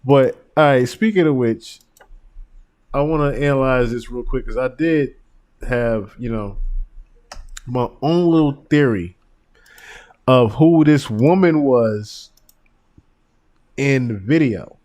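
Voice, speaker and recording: A man hosting a podcast, giving casual commentary and animated stories, often breaking into laughter. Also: mid-range voice, slow pace, long pauses. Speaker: podcast host.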